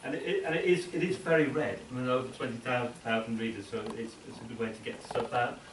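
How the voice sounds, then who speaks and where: Halting man in an echoey room. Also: mid-range voice, steady tone. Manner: halting, many repeated words mid-sentence. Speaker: seminar presenter. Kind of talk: informal talk to an academic audience. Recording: echoey room, distant mic, faint hiss.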